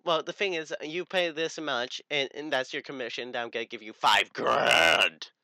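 A man's voice: medium pitch, normal speed, bright, forceful tone, no room sound. A teenage man voicing a pushy scheming woman scammer. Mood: wheedling.

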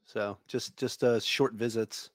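A man talks as a podcast guest. He is friendly and easygoing, repeating words as he thinks aloud. His middle-pitched voice is recorded close and dry, with no room sound. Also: fairly even intonation, a little slow, no echo. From Long Island, New York. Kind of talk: casual interview chat.

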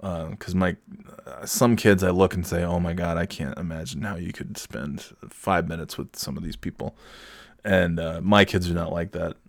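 A man's voice: deep voice, steady tone, moderate pace, gravelly, no echo. A man hosting his own podcast, rambling in a self-deprecating way and laughing at his own jokes. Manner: breaks into loud mock announcer bits. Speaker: podcast host. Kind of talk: casual solo podcast monologue.

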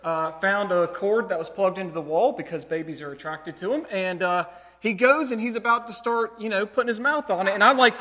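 Pastor, thirties, man with a high voice, chatty storytelling sermon, long hall reverb. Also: brisk, sharp tone. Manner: conversational storytelling, light self-amused laughter.

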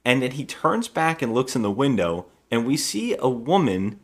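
A man co-hosting a movie podcast, recounting scenes in animated casual chat. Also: medium pitch, moderate pace. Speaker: podcast co-host.

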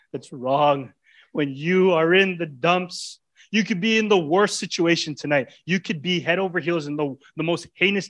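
A man in his thirties preaches a sermon in a somewhat high voice. His talk is casual and full of slang. He moves from loud, urgent pleading to soft, hushed confession. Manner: impassioned, swings from loud urging to hushed intimacy; colloquial preaching, casual grammar. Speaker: pastor.

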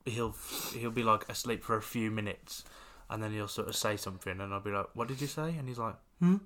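Low-voiced man chatting. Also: little pitch movement, fairly quick, bright, forceful tone. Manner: rambling storyteller, many fillers. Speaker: podcast co-host. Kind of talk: casual chat.

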